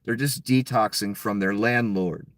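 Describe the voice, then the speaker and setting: A man's voice: fairly low pitch, a little slow, dry recording. A man giving a blunt, mocking solo commentary, full of profanity. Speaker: political commentator.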